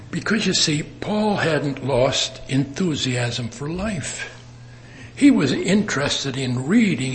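Slow, earnest male preacher. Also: a little high, slight background noise. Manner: slow, earnest, with emphatic rises and soft drops. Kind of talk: sermon. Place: assembly worship.

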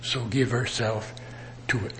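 A man preaching a sermon in an earnest manner, with emphatic rises and soft drops. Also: mid-range voice, steady tone, a little slow, a little hiss or hum. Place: assembly worship.

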